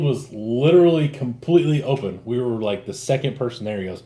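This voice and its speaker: A man co-hosting a casual livestream chat, joking around and jumping into loud, animated bursts. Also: mid-range voice, brisk, few pauses. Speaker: co-host of a livestream.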